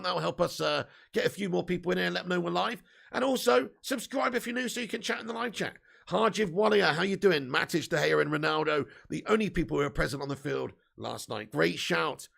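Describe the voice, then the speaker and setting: A man hosts a live fan stream, talking fast and loose with viewers. His voice sits high for a man and is heavily gravelly and rough. He swears freely and gets riled up easily in his banter. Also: a bit bright. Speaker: football fan channel host. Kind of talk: live-stream chat reading super chats.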